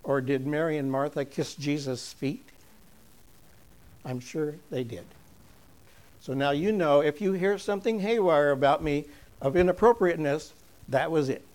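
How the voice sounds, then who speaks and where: An older man giving a chatty, storytelling object lesson to a church congregation, chuckling often and going soft and slow when earnest. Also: on the high side.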